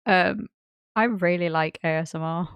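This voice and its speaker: A woman co-hosting a casual podcast, telling stories in a rambling, animated way with lots of fillers. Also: lowish voice, unhurried, smooth, dry recording, lo-fi sound. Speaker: podcast co-host.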